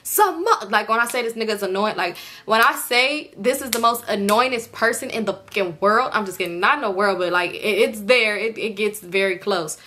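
A young woman telling a casual story to camera, animated, swearing freely and jumping into the voices of the people in it. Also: medium pitch, brisk, few pauses. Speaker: storytime vlogger.

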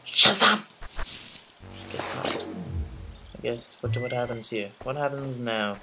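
A man giving playful, excitable live commentary on a video game he is playing, with joking mock-tough boasts. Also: mid-range voice, unhurried, creaky, rough recording. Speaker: let's play gamer. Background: loud game music.

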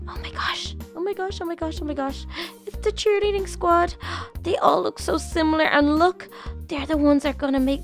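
A woman's voice: high-pitched, a bit bright. A woman voicing an eager, nervous young schoolgirl, chatting to herself through a game roleplay with gushing exclamations. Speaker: channel host.

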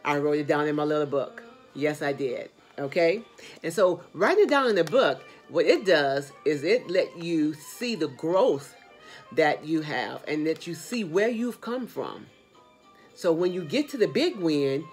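Animated low-voiced woman motivating viewers. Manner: animated, encouraging, with sudden high exclamations; speaks to viewers directly, repeating phrases. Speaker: motivational host.

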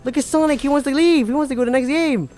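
A man playing a hard video game, narrating with exasperated frustration, muttering and then shouting. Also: very high voice, rapid-fire, faint music behind. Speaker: gaming YouTuber. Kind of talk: let's play commentary.

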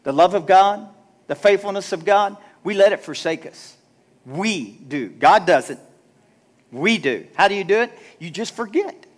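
A man's voice: high voice, lively intonation, measured pace. A middle-aged man, a pastor, preaching a chatty, self-deprecating sermon and acting out the dialogue in his stories. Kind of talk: sermon with storytelling. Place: church sanctuary.

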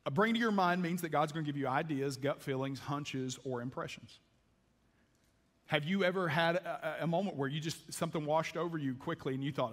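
Male pastor, sermon delivery, slightly high voice, echoing sanctuary. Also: fairly quick. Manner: folksy, emphatic preaching with frequent restarts. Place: church sanctuary. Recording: long reverb of a church hall.

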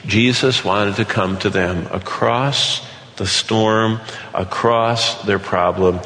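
A middle-aged man preaching a Bible sermon, animated, asking questions and then answering them himself. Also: lowish voice, slow. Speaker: Bible teacher. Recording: echoey hall with long reverb.

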